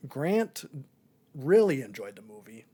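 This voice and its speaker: This young podcast co-host has a fairly high voice with big swings in pitch, unhurried, mellow, and slightly rough. He talks about a film in a loose, easygoing ramble packed with filler.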